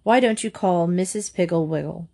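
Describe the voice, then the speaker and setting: A woman voicing a calm, firm father in a storybook reading, steady and reasoning. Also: fairly low pitch, normal speed.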